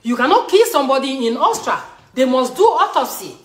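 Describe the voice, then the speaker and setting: A woman's voice: high-pitched, sing-song, fairly quick. A woman from Edo State in Nigeria with a Nigerian English accent, talking heatedly and repetitively to her viewers as a show host. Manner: emphatic, scolding, repetitive. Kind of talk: heated live talk to viewers. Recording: roomy echo.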